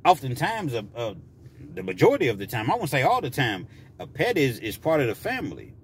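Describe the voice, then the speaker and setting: A man telling a story from his own life in a vlog, talking freely with frequent restarts and jumping into loud, high voices to act out what people said. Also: huge pitch swings, brisk, a little hiss or hum. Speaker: vlogger telling a personal story.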